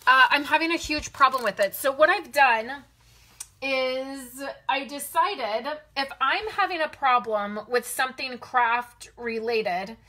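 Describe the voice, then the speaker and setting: A woman's voice: sits high, measured pace, pushed and bright. A woman hosting a live card-making stream, chatting casually and greeting viewers by name. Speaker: card-making livestream host.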